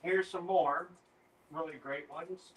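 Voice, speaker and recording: A man's voice: on the high side, steady tone, slow pace. Man fondly showing comics, crowd behind. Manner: admiring, fond of his comics. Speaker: comic collector showing his books. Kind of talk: casual chat.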